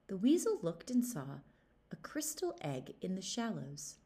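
A woman reading a fairy tale aloud to children in an expressive storytelling manner. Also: mid-range voice, measured pace.

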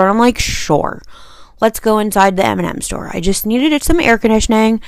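A young woman hosting a podcast, telling a personal story in a chatty, animated way and acting out what people said. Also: mid-range voice, brisk, dry recording. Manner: chatty, animated, acts out quotes with sighs and asides. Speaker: podcast host. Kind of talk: casual storytelling monologue.

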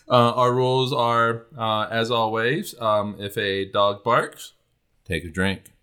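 A man's voice: medium pitch, fairly even intonation, slow pace, bright, forceful tone, clear, resonant tone. A man hosting a casual astronomy podcast, rambling with many fillers. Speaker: podcast host.

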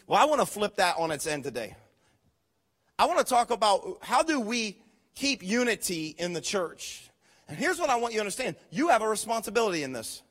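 A man preaching a sermon as a pastor. He is emphatic, repeats key phrases and leads call-and-response, going from hushed asides to shouts. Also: high voice, sing-song, brisk.

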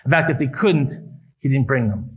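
A male pastor preaching a sermon at a church service, building emphatic appeals that rise and then drop quietly. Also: mid-range voice, expressive, normal speed, breathy edge, rough recording.

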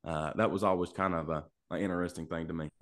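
Low-voiced Kentucky drawl singer. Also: male voice, fairly even intonation, fast talker, fairly bright tone. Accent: Kentucky Southern drawl. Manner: easygoing, polite, folksy. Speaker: country singer-songwriter guest. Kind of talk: casual interview chat. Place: home studio.

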